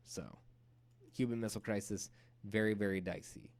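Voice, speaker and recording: A man teaching a recorded history lecture in a casual, lively storytelling way. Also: on the low side, normal speed. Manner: casual, animated storytelling with playful acted-out quotes.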